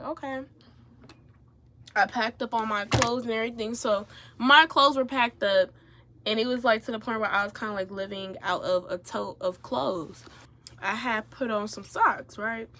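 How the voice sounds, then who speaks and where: A young woman telling a story casually as she gets ready on camera, animated and profane, turning loud when she gets riled up. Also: medium pitch, slight background noise. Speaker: vlogger.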